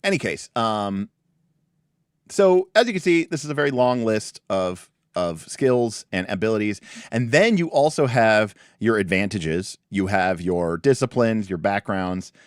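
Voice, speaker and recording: A man's voice: fairly low pitch, measured pace, smooth, no room sound, clean studio sound. A man hosting a tabletop game livestream, chatting casually and breaking off into restarts and asides as he reviews rules. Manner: animated, many restarts and asides. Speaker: livestream host.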